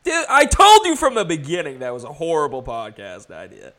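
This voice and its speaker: A man's voice: on the high side, wildly swooping pitch, brisk, fairly bright tone. A man co-hosting a comedy podcast, joking bluntly and dryly in casual chat. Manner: dry, blunt jokes. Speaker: podcast co-host.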